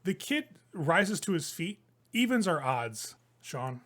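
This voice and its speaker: A man's voice: a little high, big pitch swings, takes it slowly, a bit bright. A man running a tabletop game as game master, describing scenes casually and loosely.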